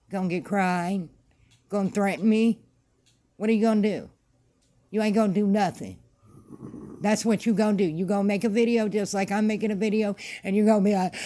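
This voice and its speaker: A woman's voice: medium pitch, mellow. A woman vlogger ranting to camera in a casual, blunt and emphatic way, repeating her points. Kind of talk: casual opinion rant to camera.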